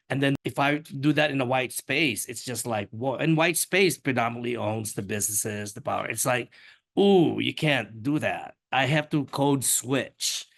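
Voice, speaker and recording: An older man from the Philippines, an artist talking candidly in an interview, frank and opinionated, with a pace that speeds up and slows down. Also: mid-range voice. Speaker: artist, podcast guest.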